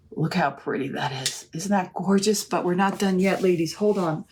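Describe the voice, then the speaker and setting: A woman's voice: mid-range voice, moderate pace, hardly any pauses, a little hiss or hum. A middle-aged woman hosting a live crafting demonstration, chatty and gushing, often calling her viewers "ladies". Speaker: crafting live-stream host.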